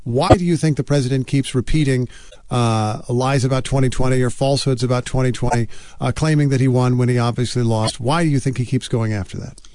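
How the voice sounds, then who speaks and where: A man of middle pitch hosts a news interview, asking probing, deliberate questions. His voice is dry and close to the mic. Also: steady tone, darkish tone, no room sound. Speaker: radio news host.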